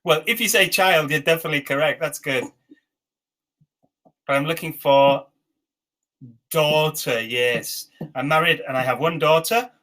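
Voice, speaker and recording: A man in his forties with an English accent, leading an online teacher training session with slow, clear dictation and encouraging feedback. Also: fairly high pitch, bright, forceful tone, poor audio. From England. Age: 40s.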